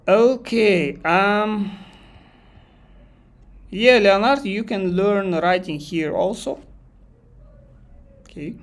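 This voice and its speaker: Young male teacher, high-pitched, relaxed, explains with examples. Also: slow, creaky, long pauses. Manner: casual, explains with examples, greets viewers by name. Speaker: IELTS teacher. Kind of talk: live online lesson.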